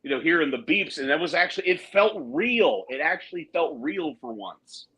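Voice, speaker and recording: A man co-hosting a wrestling podcast in casual chat, joking and incredulous in an animated way. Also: fairly high pitch, moderate pace, rough recording. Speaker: podcast co-host.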